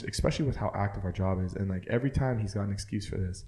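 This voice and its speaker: A man's voice: fairly low pitch, very fast, warm tone. A young man co-hosting a podcast, chatting casually, profane and rambling with lots of filler words. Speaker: podcast co-host. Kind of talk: casual chat.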